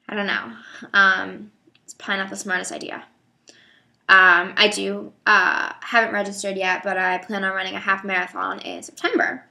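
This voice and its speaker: A young woman speaks to her viewers in a bright, forward voice. She rambles and hesitates, leaning on fillers as she goes, in a loose, unscripted vlog manner. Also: mid-range voice, steady tone, moderate pace, vocal fry. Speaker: vlogger. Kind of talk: casual talk to camera.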